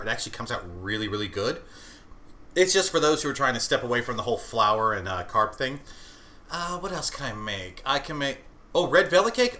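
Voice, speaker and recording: Young man, cooking livestream host, chatty, bright tone, lively pitch. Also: a little hiss or hum. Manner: chatty, talks to chat while cooking and eating. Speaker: vtuber cooking streamer. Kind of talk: casual cooking livestream chat.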